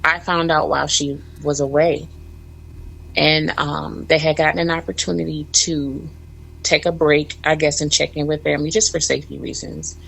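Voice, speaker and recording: Woman, 40s, low voice, heartfelt, holding back tears, radio studio guest. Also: level tone, normal speed, vocal fry, fairly bright tone, low-quality recording. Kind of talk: emotional personal story.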